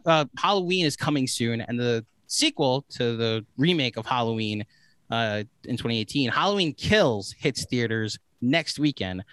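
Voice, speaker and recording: A man chats as a podcast guest, his voice bright and forward. He talks in long, eager run-on sentences. The sound is dry and close. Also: mid-range voice, clean tone, dry recording. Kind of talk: casual podcast chat.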